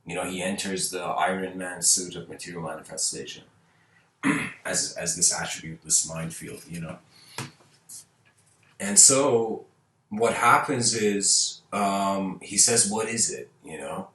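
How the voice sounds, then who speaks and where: Low-voiced, rambling spiritual teacher. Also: male voice, measured pace, bright, forceful tone. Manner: rambling, many restarts and "you know"s. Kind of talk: casual talk answering viewer questions. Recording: roomy, distant mic.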